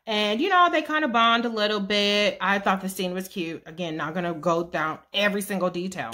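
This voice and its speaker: A woman's voice: mid-range voice, fairly quick, bright, forceful tone. A woman casually recapping a TV series with profane, sassy asides. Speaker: show recap vlogger.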